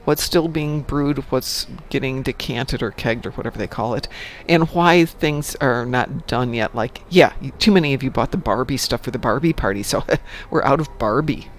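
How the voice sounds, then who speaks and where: A man's voice: medium pitch, moderate pace, few pauses, slight background noise. A man in his sixties casually chatting on a live stream, reading the chat aloud and telling dad jokes. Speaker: stream co-host.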